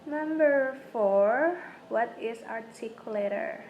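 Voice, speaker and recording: Young student girl, first language indonesian, reading her exam answers real slow in choppy bits, noisy room hiss behind. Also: a little high, narrow, tinny audio. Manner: halting, reads in short phrases with stumbles. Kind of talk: reading prepared answers aloud.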